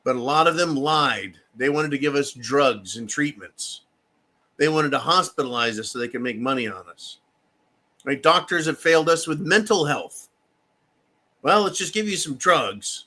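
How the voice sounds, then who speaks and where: Man, American, political commentary rant, bright edgy tone, sarcastic, swears a lot. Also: medium pitch, expressive, normal speed. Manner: sarcastic, profane, mocking.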